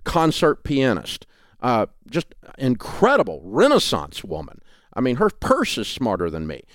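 A man's voice: mid-range voice, wildly swooping pitch, a little slow, dry recording, studio quality. A man in his sixties with a Southern US accent from Tennessee, speaking as a radio host and author in a remote interview, folksy and emphatic with frequent restarts. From Southern United States.

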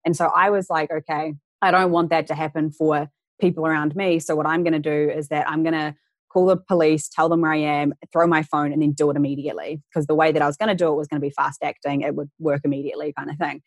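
Low-voiced young woman telling her story. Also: flat delivery, fast, dry recording. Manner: candid, earnest, re-enacts quoted voices. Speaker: interview guest. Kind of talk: personal storytelling in an interview.

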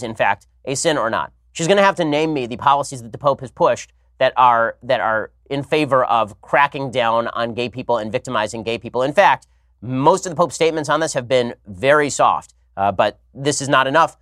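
A man in his thirties hosts a podcast in a wry, rambling monologue, tossing in sarcastic asides. His voice sits at an ordinary middle pitch. The sound is dry and close, with no room echo. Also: a bit bright. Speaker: podcast host. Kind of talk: casual monologue and commentary.

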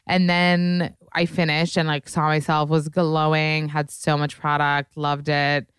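A woman hosts a solo podcast, talking in a frank, rambling way, peppered with profanity and "like". Her voice sits low and comes across smooth and clear. The recording is dry and close, with no room echo. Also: monotone, measured pace. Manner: candid, profane, chatty with fillers. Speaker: podcast host. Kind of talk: casual solo podcast chat.

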